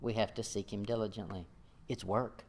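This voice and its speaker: A man's voice: on the low side, steady tone, normal speed, darkish tone, slight background noise. A man preaching a sermon in a folksy way, reading scripture aloud and chuckling at his own remarks. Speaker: pastor.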